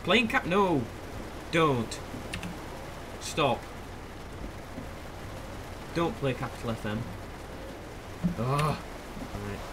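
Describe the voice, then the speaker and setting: A young British man chatting excitedly to himself while commenting on a truck-driving game. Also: medium pitch, very slow, pauses often. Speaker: gaming video host. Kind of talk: casual gameplay commentary. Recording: loud game rain and engine noise. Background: truck game sounds, rain, reversing beeps.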